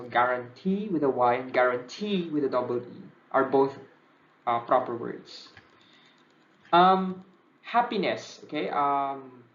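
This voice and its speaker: A young man with a Filipino accent gives a recorded review lecture, switching between English and Tagalog and often checking in with "okay?". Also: on the high side. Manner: Taglish code-switching, frequent "okay?" checks. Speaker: civil service exam reviewer. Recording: echoey room, dull lo-fi sound.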